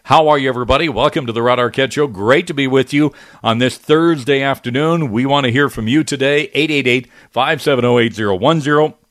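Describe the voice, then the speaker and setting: A middle-aged man hosting a talk radio show, talking in an animated, indignant, conversational way with frequent restarts. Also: mid-range voice, brisk, few pauses, no room sound, clean studio sound. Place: radio studio.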